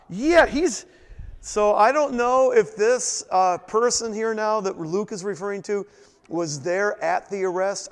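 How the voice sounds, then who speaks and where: A man leading a Bible study in a lively, conversational way, asking his listeners questions as he goes through the text. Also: sits high, clean tone, long reverb tail. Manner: animated, conversational, asks the group questions. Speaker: Bible teacher.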